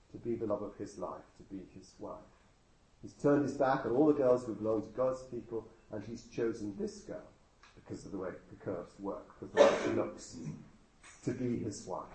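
Guy preaching, warm low-key voice, lots of "isn't it?" questions, dry jokes, roomy echo. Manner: conversational with rhetorical questions and dry humor. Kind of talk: sermon. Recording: echoey room with faint noise.

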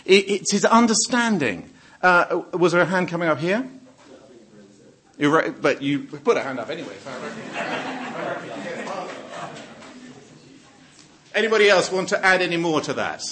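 A man's voice: high-pitched, lively intonation, normal speed, pauses often, fairly bright tone. A male preacher giving a sermon, joking with the congregation and often breaking off and restarting his sentences. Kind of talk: sermon with audience questions.

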